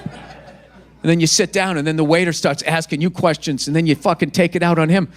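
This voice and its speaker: A man's voice: fairly high pitch, fairly even intonation, brisk. A man in his fifties doing a stand-up routine, ranting in an exasperated, profane way. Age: 50s. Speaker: stand-up comedian.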